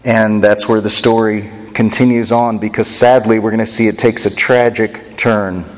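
Expressive male pastor preaching, hall reverb. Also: on the low side, normal speed. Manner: expressive storytelling, acting out voices in scripture. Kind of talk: sermon.

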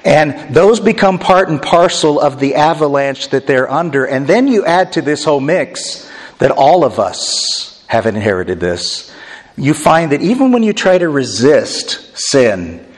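A middle-aged man preaching a sermon as a pastor, earnest and self-deprecating, slowing down to stress key words. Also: a little high, big pitch swings. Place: church sanctuary. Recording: long hall reverb.

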